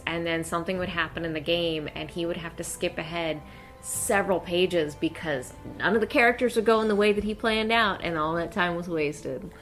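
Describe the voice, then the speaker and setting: A woman co-hosting a casual podcast, with a voice on the lower side for a woman. She tells stories in an animated way and laughs often, with faint music underneath. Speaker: podcast co-host.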